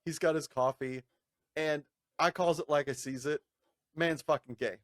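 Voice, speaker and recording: A man's voice: moderate pace, no room sound, studio quality. A man telling a long story in casual chat, swearing, laughing and mimicking others. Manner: animated, profane, laughing, mimics people in high voices. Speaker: podcast co-host.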